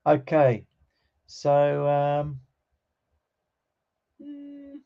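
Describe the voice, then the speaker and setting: A man's voice: a little high, sing-song, very slow, vocal fry. Man teaching Greek grammar, dull lo-fi sound. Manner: explanatory, checks in with "okay?". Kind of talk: classroom grammar lesson.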